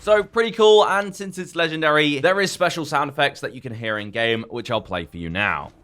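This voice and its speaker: A man's voice: a little high, brisk, fairly bright tone, a little hiss or hum. Upbeat young man chatting about game updates. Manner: upbeat, chatty, describing on-screen items. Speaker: gaming YouTuber. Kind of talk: casual game update commentary.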